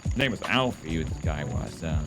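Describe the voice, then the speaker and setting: A man's voice: extremely low pitch, expressive, a little fast, background noise. A man in a role-play game, telling a rambling story casually with many fillers and restarts.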